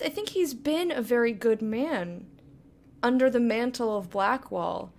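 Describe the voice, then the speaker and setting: A young woman playing a game blind offers casual let's-play commentary, chatting away, restarting sentences and poking fun at herself. Her voice sits on the high side with a darkish tone and some vocal fry, animated yet measured in pace.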